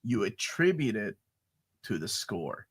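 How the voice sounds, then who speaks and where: A man's voice: lowish voice, very animated, slow pace, slightly rough. A man who teaches film, co-hosting a casual film discussion and talking in an enthusiastic, emphatic way.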